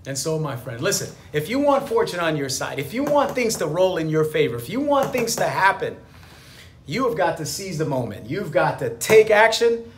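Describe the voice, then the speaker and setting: A man gives a motivational talk to camera, hammering his points home by repeating them. His voice sits high and swings widely in pitch. He is emphatic and direct throughout. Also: very animated, moderate pace, a little hiss or hum. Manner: emphatic, repeats key phrases. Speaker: business attorney and motivational speaker.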